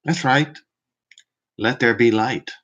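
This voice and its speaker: A man's voice: medium pitch, slow, fairly bright tone, dull audio. A man teaching scripture in a preaching manner, emphatic and fond of rhetorical questions to the listener. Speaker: Bible teacher. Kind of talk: preaching Bible commentary.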